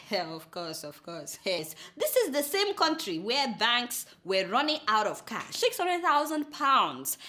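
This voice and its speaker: A young Nigerian woman hosting a comic news show, talking to viewers in an animated, exclamatory way with chatty asides. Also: on the high side, takes it slowly, few pauses. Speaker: satirical news show host.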